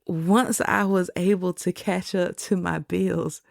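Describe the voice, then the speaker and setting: A woman podcast host telling a personal faith testimony, slow and reflective, with soft laughs between thoughts. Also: fairly low pitch, steady tone, creaky, no room sound, clean studio sound.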